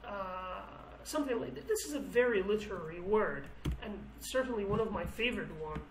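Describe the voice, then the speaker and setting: A woman's voice: mid-range voice, lively intonation, fairly quick, echoey room, recorded from a distance, background noise. A woman whose first language is Kurdish, explaining song lyrics word by word in English as a teacher, thinking aloud and restarting her phrases.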